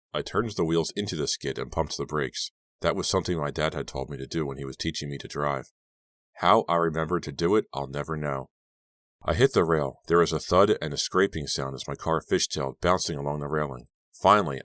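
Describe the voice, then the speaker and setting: Very deep-voiced male audiobook narrator. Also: fairly bright tone, no room sound, clean studio sound. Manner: tense, dramatic storytelling. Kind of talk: scripted first-person narration.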